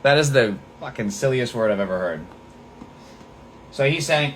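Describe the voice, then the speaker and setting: A man's voice: medium pitch, expressive, moderate pace, pauses often, slight background noise. A man hosting a political podcast livestream, talking in a profane, sarcastic, mocking way. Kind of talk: livestream commentary.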